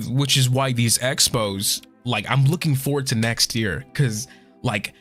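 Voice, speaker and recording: A man's voice: medium pitch, a bit bright. A young man streaming casual chat, tearful and swearing a lot as he thanks his viewers.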